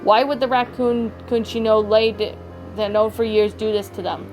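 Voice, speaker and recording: A woman's voice: on the high side, steady tone, normal speed, darkish tone, faint music behind, close to an everyday voice, poor audio. A woman reading a story aloud, voicing a wounded, exhausted young human girl who is mayor, sounding weak and tearful. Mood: weary.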